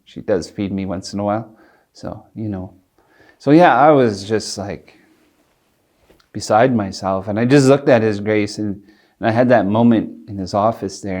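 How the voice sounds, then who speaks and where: A middle-aged man telling a personal story in an interview, earnest and reflective, pausing and restarting as he speaks. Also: lowish voice, darkish tone. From Alberta, Canada. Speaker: interviewee, community leader.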